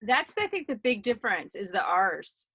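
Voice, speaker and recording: An American woman co-hosts the chat with a bright, sharp tone. Her voice sounds close and dry, and she talks in a relaxed, playful way, teasing now and then. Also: medium pitch, moderate pace, breathy edge, no echo. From United States. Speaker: podcast co-host. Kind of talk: casual chat.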